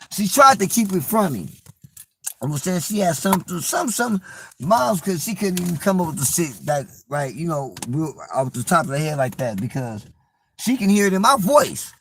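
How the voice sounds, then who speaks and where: Young man, casual storytelling, slangy, animated, slightly high voice.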